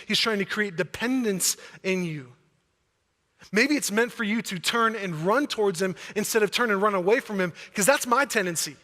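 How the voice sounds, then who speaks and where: A man preaching a sermon from a church stage. He is emphatic and rises to near-shouting when he acts out pleas. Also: sits high. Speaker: pastor. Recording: long reverb of a church hall.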